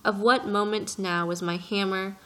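A woman narrating a chapter of a story aloud, in a measured, gentle manner. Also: medium pitch, fairly even intonation, rough recording. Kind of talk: audiobook narration.

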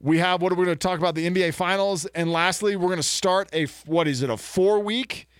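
A man's voice: high voice, fairly quick, clean tone, dry recording. A man co-hosting a community radio sports show in casual banter, joking with dry self-mocking asides, his voice a bit stuffed up from allergies.

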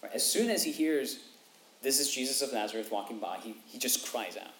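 A man's voice: mid-range voice, animated, fairly quick, a bit bright. A man preaching a sermon in an earnest way, checking in with his listeners by asking "okay?" and "right?", and rising sharply in voice when he quotes a cry for mercy. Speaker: pastor. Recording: echoey room with faint background noise.

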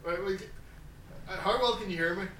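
A man's voice: high voice, moderate pace, pushed and bright, low-quality recording. A man co-hosting a podcast in casual chat, joking and teasing his friends. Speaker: podcast co-host. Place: indoor room, apartment.

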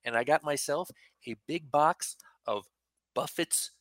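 A man's voice: a little high, a little slow, a bit bright, no room sound. A man who is a regular on a radio talk show, opinionated and emphatic with a wry edge, on a studio mic. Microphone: studio broadcast mic.

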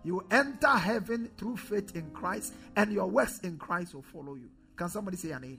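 A pastor preaching a sermon, calling on the congregation to repeat phrases, swinging from loud declarations to low quiet asides. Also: male voice, big pitch swings, a little fast, creaky, hardly any pauses, faint music behind. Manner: preaching with call-and-response to the congregation.

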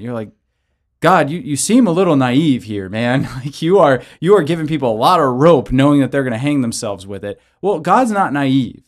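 Earnest pastor man teaching casually. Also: mid-range voice. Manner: earnest, with frequent tag questions of "right?"; counseling tone, gives practical relationship advice. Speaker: pastor and show host. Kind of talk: conversational Bible teaching.

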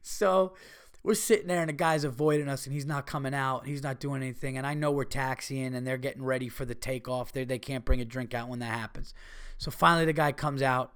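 A man telling a story in a casual, animated way, swearing freely and acting out the people he quotes. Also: medium pitch, fairly quick, smooth. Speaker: podcast host.

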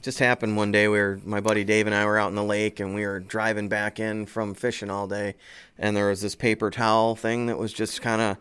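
A man's voice: fairly low pitch, level tone, a little fast, a bit bright, smooth. A man chatting casually, telling stories with dry humor and spinning absurd ideas. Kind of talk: casual chat, storytelling.

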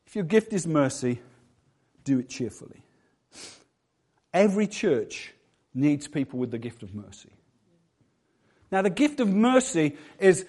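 Man, middle-aged, pastor, sermon, high-pitched, conversational, self-deprecating. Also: darkish tone.

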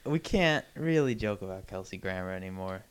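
A man's voice: deep voice, lively intonation, fairly quick, smooth. A man co-hosting a comedy podcast, bantering in a mock-crotchety, playful way. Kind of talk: casual comedic chat.

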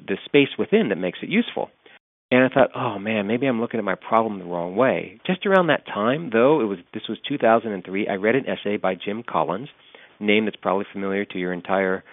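A man's voice: lowish voice, no room sound. Man talking over a thin phone-like line. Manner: thoughtful, with many fillers and restarts. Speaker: author and guest. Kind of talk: conversational interview answers.

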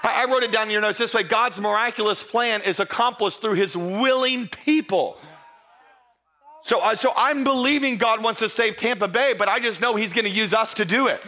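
A man preaching a humorous sermon, telling the story playfully and acting out the characters in hushed asides. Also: normal speed, slight background noise. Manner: playful storytelling, acts out disciples in low hushed voices. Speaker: pastor.

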